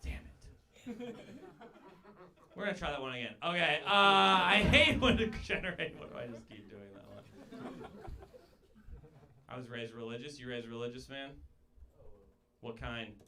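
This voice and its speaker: A man's voice: mid-range voice, unhurried, pauses often. A man in his thirties performing a brash, crude stand-up comedy set with mocking crowd work on a club stage. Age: 30s. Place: comedy club stage before a live audience. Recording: live club recording with loud crowd laughter. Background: loud audience laughter.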